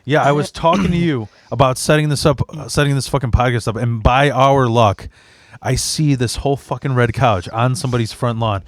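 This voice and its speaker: A man's voice: mid-range voice, a little fast, no room sound. A man co-hosting a podcast in casual chat, cracking profane jokes and then telling his own story. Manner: wisecracking, profane, jokey asides. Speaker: podcast co-host. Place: podcast studio room.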